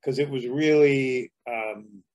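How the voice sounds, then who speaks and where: An older Canadian man, a comedy writer and performer appearing as a guest, tells funny anecdotes and slips into character voices along the way. His voice is mid-range and darkish, he speaks slowly, and there's slight background noise.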